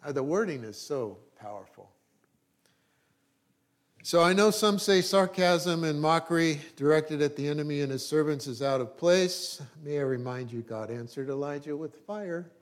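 A man delivers a sermon in a voice pitched a little high. He reads scripture aloud, then stops to explain it in everyday talk. He often checks in with his listeners. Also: moderate pace. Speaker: preacher.

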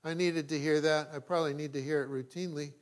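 A male pastor preaching a sermon. He reads scripture aloud with emphasis, then breaks into conversational asides and sudden quiet remarks. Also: a little high, fairly even intonation, quick pace, clear, resonant tone.

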